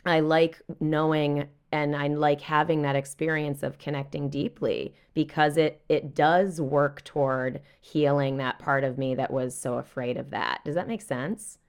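A woman's voice: sits low, level tone, measured pace, hardly any pauses, clean tone. A woman co-hosting a podcast, talking openly and supporting her partner in the conversation. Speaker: podcast co-host. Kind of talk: casual supportive chat.

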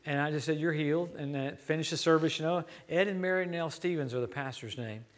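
A man's voice: a little high, fairly quick. A middle-aged man from Louisiana, a traveling preacher giving a sermon in a church, telling stories with quoted dialogue.

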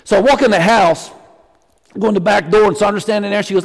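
A middle-aged man preaching to his congregation, his voice sitting a little high for a man. He is animated and teases his listeners as he goes. The sound carries a long echo from the church hall. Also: quick pace, gravelly. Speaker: pastor. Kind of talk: sermon. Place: church sanctuary.

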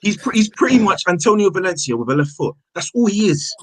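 A man's voice: high voice, very animated, fast talker, a bit bright, dry recording, poor audio. A frustrated man in a heated casual football chat, stammering, repeating words and swearing. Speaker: football fan panelist. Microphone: own mic on an online call.

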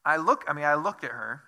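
A man preaching with a very bright, forceful tone and a slightly raised pitch. He tells self-deprecating stories in a conversational way and keeps asking his listeners questions. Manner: asks the listeners many questions. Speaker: pastor. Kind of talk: sermon.

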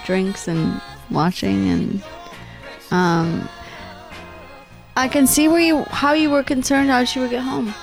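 A woman's voice: high-pitched, slow pace, long pauses, soft background music. A woman co-hosting a casual podcast, hesitant and playful, rambling through her points. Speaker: podcast co-host. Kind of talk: casual chat. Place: indoors, home with friends.

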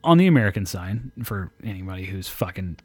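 A man co-hosting a casual podcast, heard dry and close with no room sound at all. He rants with lively, profane energy and swears constantly. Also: deep voice, fast talker, dry recording. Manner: animated, swears heavily, ranting. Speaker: podcast co-host.

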